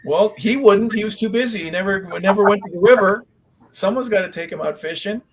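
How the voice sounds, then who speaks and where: A man's voice: sits high, brisk, rough recording. A man hosting a sports talk show, chatting casually and reacting enthusiastically to his guest. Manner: enthusiastic, affirming interjections. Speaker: sports radio host. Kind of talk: casual talk radio chat.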